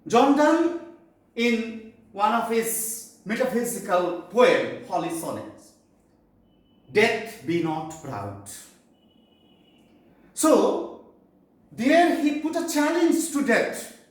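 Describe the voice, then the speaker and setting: A man teaching a poetry class in a slow, explanatory lecture with pauses and fillers, from Bengal. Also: extremely high pitch, sing-song, very echoey, low-quality recording.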